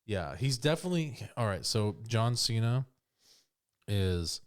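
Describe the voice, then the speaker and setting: A man's voice: lowish voice, big pitch swings, unhurried, smooth. A man co-hosting a casual movie review chat, blunt and leading the talk, swearing freely. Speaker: co-host.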